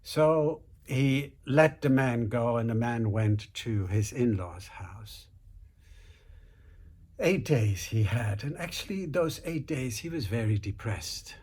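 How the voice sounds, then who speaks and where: A man telling a folk tale aloud, relaxed, with fillers and restarts, acting out the quotes. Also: mid-range voice, slow pace, breathy edge. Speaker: storyteller.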